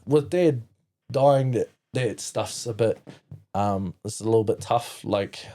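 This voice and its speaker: A man's voice: fairly low pitch, mellow. A man from New Zealand as a podcast guest, telling his own story candidly, rambling with many "like" fillers and blunt swearing.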